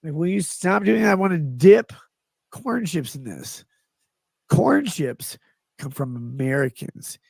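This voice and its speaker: A man's voice: on the high side, sing-song, unhurried, vocal fry, a little mellow, slightly rough, no room sound. A man rambling loosely through a livestream as he reads chat messages aloud, swearing and drifting off topic in a drunken manner.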